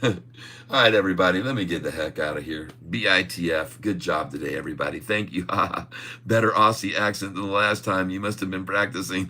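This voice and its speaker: A man's voice: low-pitched, moderate pace, bright, forceful tone. A middle-aged man hosting a day-trading livestream, talking in a folksy, emphatic way and chuckling often. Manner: folksy and emphatic, keeps calling listeners "folks". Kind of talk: casual market commentary livestream.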